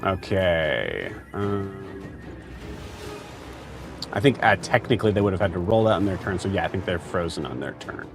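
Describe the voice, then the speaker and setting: A man's voice: low-pitched, big pitch swings, creaky. Man, game master; laid-back, filler-heavy narration over faint music. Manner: casual, halting with many fillers.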